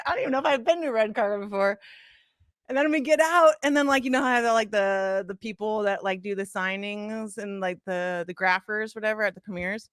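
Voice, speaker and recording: Brief: woman podcast guest, animated and foul-mouthed, dry close sound, middle pitch. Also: brisk, dry recording. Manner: animated, profane, full of "like" fillers. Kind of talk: casual storytelling chat. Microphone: podcast studio mic.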